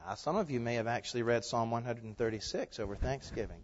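A man preaching a sermon as pastor, emphatic, asking rhetorical questions and swinging between loud declarations and hushed asides. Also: medium pitch, quick pace, hardly any pauses. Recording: echoey hall, dull lo-fi sound.

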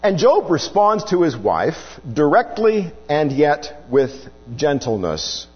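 Male preacher, earnest sermon delivery, animated pitch, long hall reverb. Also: slow, lo-fi sound. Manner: earnest, explanatory, rhetorical questions. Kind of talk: sermon teaching on scripture.

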